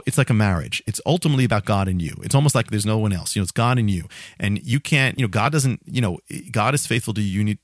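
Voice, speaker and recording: A man's voice: mid-range voice, no room sound, clean studio sound. A man preaching an evangelistic sermon, speaking in an earnest, pleading way and often repeating and restarting his phrases.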